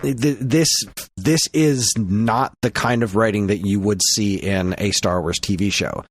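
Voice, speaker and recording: Animated man ranting on a podcast. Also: fairly low pitch, a little slow. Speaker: podcast co-host. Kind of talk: casual chat.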